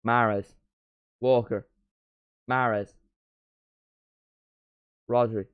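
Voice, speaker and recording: A man streaming a live football watchalong, chatting casually and breaking into quick play-by-play calls. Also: lowish voice, steady tone, darkish tone, no room sound.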